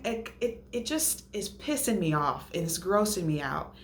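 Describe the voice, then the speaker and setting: A woman's voice: on the low side, animated, measured pace, hardly any pauses. A woman hosting a casual recap of a reality show, talking animatedly and ranting, re-enacting what others said with mocking voices. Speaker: host.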